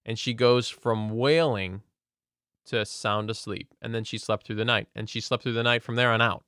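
In casual conversation, a man earnestly shares his personal faith testimony, frequently restarting his sentences. His mid-range voice has fairly even intonation, a moderate pace and a fairly bright tone, recorded at studio quality with no room sound.

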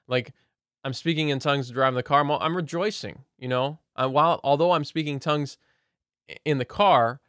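A man's voice: mid-range voice, a bit bright, no room sound, clean studio sound. A man earnestly sharing a personal faith testimony in casual conversation, often restarting his sentences.

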